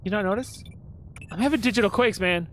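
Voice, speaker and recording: A man's voice: sits high, a little fast, a bit bright, a little hiss or hum. A man giving casual let's-play commentary, sarcastic and muttering at the game. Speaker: gaming video host.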